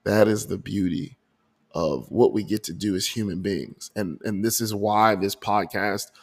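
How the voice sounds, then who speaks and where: A man hosting his own podcast, talking earnestly and emotionally about his month, often restarting his sentences. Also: on the low side. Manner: earnest, emotional, many restarts and repeated words. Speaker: podcast host. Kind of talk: reflective personal audio journal. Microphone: desk microphone.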